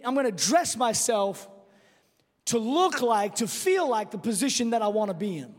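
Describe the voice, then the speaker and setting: A man preaching an impassioned sermon to a congregation, building up to shouts. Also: extremely high pitch. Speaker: pastor. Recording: reverberant hall with music behind.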